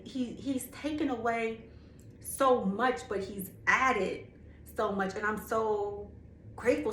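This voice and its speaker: A woman's voice: medium pitch, fairly bright tone. An emphatic young woman tells her faith story in a candid, slangy way and leans hard on key words. Her mid-range voice is caught in an echoey room, with a faint hum of ambient noise underneath. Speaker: faith speaker. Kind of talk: personal testimony.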